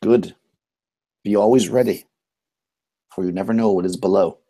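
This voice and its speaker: A man's voice: on the low side, normal speed, warm tone, natural voice. A man voicing a cryptic male talking raven in a tabletop game, giving terse, ominous warnings. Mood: curt, ominous. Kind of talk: tabletop game role-play.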